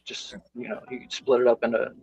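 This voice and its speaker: Gravelly husky-voiced guy chatting. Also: mid-range voice, level tone, brisk, low-quality recording. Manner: rambling, full of fillers. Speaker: podcast co-host. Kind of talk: casual livestream chat.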